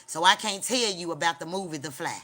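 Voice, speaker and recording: A woman's voice: fairly low pitch, fairly quick, a bit bright. A woman hosting a livestream, telling a long story in a rambling, profane way, padding it with filler sounds and talking straight to her viewers. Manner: chats directly to her viewers. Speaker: livestream host.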